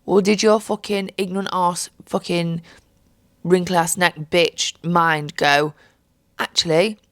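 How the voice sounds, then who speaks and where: A young woman telling a travel story in a casual vlog, animated and heavily sweary, mocking people with put-on voices. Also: fairly low pitch, unhurried, no echo, clean studio sound. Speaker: vlogger.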